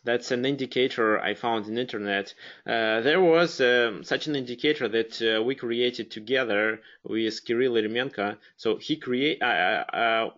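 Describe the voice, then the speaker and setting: A man's voice: medium pitch, moderate pace, a bit bright, lo-fi sound. A man with a Russian accent hosting a live webinar, speaking hesitantly with many fillers and restarts. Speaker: webinar host.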